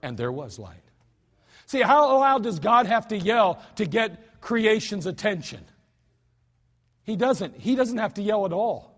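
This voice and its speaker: High-voiced man preaching a sermon. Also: animated, unhurried, a bit bright. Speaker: pastor. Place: church sanctuary.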